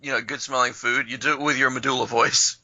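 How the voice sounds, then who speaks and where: A man's voice: medium pitch, fairly even intonation, fast talker, bright, forceful tone, lo-fi sound. A man co-hosting a podcast in casual chat, blunt and joking, with some swearing. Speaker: podcast co-host.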